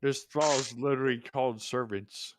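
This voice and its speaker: A man's voice: medium pitch, steady tone, moderate pace, noisy background. A man chatting casually as a fellow player, offhand and laid-back. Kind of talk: casual gaming chat.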